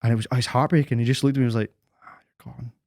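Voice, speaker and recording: A young man co-hosting a podcast, telling rambling, animated stories full of "I was like". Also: mid-range voice, racing, no room sound, studio quality. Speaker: podcast co-host. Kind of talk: casual chat, storytelling.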